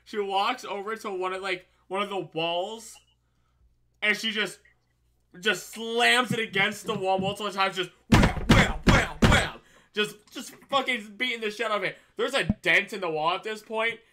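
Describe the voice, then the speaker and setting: A man's voice: high voice, normal speed, background noise. A man running a tabletop game as dungeon master, narrating in a casual, profane way and laughing along.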